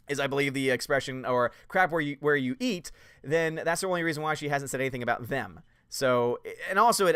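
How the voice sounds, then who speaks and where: Guy ranting on his movie stream, sarcastic and emphatic, bright clean voice, dry close mic. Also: a little high, no room sound. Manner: emphatic, sarcastic, laughs often mid-sentence. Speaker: movie commentary channel host. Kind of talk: live-stream chat reading and rant.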